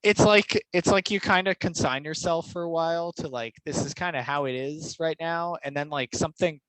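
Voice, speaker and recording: A man's voice: a little high, normal speed, a bit bright, no room sound, poor audio. A man talking casually as a guest on a podcast, nodding along and acting out thoughts in quotes. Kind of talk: casual conversation.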